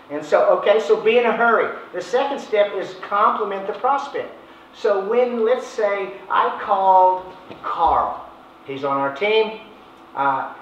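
A man's voice: a little high, fairly bright tone, a little hiss or hum. A man leading a sales training session, talking in a folksy, casual way and acting out phone chats. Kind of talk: informal training talk. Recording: echoey, distant, dull room recording.

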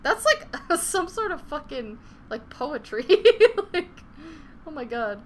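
A woman's voice: high voice, sing-song, takes it slowly, fairly bright tone, slight background noise. A young woman chatting casually on a live gaming stream, swearing freely and venting frustration between laughs. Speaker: game streamer.

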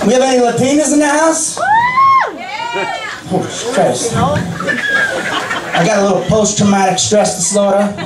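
A man's voice: high-pitched, lively intonation, a little slow, long pauses, very noisy. A man with a Long Island accent doing a crude, self-mocking stand-up set in a comedy club. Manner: brash, crude punchlines with self-mocking asides. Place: comedy club with a live audience. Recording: roomy club sound from a distant mic with loud crowd.

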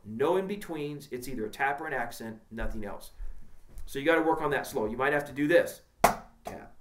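A man's voice: medium pitch, heavy background noise. A man teaching a drum lesson, coaching emphatically and counting out patterns as he demonstrates. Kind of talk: instructional lesson.

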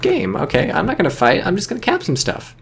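A man's voice: high-pitched, wildly swooping pitch, fast, gravelly, a little hiss or hum, pitched above the performer's own voice, full character voice. A man voicing a lazy, cocky male driver who brushes off fighting, brash and dismissive.

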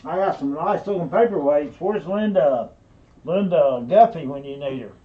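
A man's voice: fairly high pitch, expressive, normal speed, breathy edge, phone-quality sound. A man with a Southern US accent running a live online auction, rambling in a folksy way and calling viewers by name. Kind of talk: live-stream auction patter.

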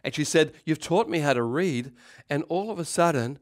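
Man, middle-aged, pastor, sermon, animated preaching, slightly high voice. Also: moderate pace.

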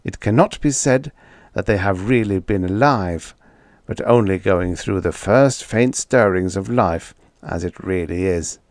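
A cultured Martian announcer with an exquisitely clear, stately delivery, put on by a male audiobook reader. His tone is raised and carries formal grandeur. The recording is close and dry. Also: low-pitched, measured pace, darkish tone, no room sound. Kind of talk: audiobook character voice.

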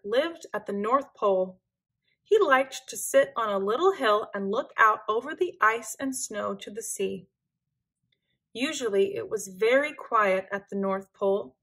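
Slow, expressive woman reading to children. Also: medium pitch, husky. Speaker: children's book reader. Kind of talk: read-aloud storytelling.

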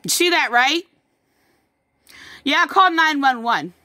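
A distressed woman telling her story to the camera in a halting, repetitive way, with many fillers and sighs. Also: high-pitched, lively intonation, bright, forceful tone, no room sound. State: upset. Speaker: vlogger recounting a family incident. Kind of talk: distressed personal account to camera.

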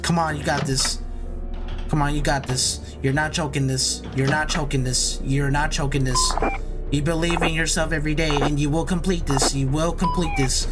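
A man's voice: a little high, steady tone, moderate pace, loud music behind the voice. A young man giving nervous, repetitive commentary while playing a horror game, hyping himself up. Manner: nervous, repeats himself, hypes himself up. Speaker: gaming YouTuber.

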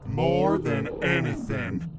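Male narrator doing a melting creature, sweetly menacing, slow and lively. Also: fairly low pitch, creaky, faint music behind, exaggerated voice. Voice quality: liquid, bubbling, as if underwater. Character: rotting monster mimicking a parent.

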